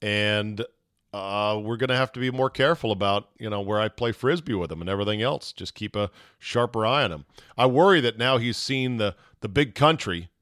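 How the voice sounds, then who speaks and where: Animated male podcast host, dry sound. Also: lowish voice, fairly quick, dry recording. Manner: animated storyteller, swears, acts out shouts. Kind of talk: casual storytelling monologue.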